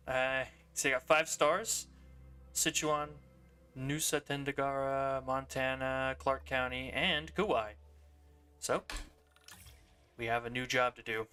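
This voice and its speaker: A man's voice: medium pitch, pushed and bright. A young man streaming a video game, chatting casually and rambling, often laughing. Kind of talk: casual gameplay commentary.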